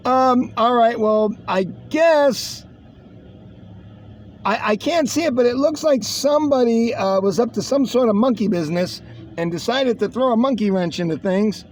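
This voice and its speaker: A man's voice: extremely high pitch, a little slow, pauses often. A man hosting a casual news read, rambling, joking and swearing as he reacts to a video from his computer at home. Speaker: show host.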